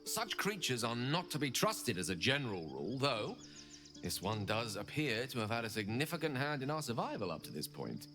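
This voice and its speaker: An actor playing a cautious, formal warrior in a video game, speaking in an expressive, measured way. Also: male voice, mid-range voice. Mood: wary. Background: game music and crickets.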